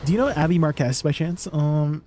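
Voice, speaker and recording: Warm in tone and a little high, this young man's voice moves fairly quickly. He's a Canadian with a Canadian accent, casually joking with his viewers and quizzing them during a live gaming stream.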